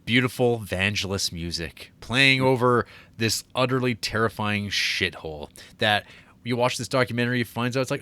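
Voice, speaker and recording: A man's voice: mid-range voice, normal speed, bright, forceful tone, smooth. A man co-hosting a film podcast, chatting casually in a rambling way with lots of fillers. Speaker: podcast co-host. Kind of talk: casual film review chat.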